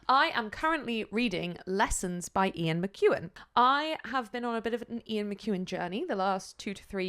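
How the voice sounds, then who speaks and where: An animated woman co-hosting a book podcast. She chats freely, throwing in quick asides and the odd swear word. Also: mid-range voice. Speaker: podcast co-host. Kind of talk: casual chat about books.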